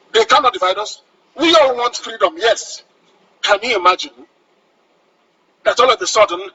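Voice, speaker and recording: A radio broadcaster with a Nigerian accent delivers an impassioned address in a high, sharp, husky voice. Commanding and fervent, he repeats phrases for emphasis, and the recording quality is low.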